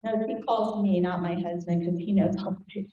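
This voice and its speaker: An older woman teaching a group, telling a family story in an animated way and acting out voices. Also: fairly low pitch, a little fast, muffled recording. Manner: animated, acts out quoted voices. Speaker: Bible study teacher. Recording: echoey room, faint noise.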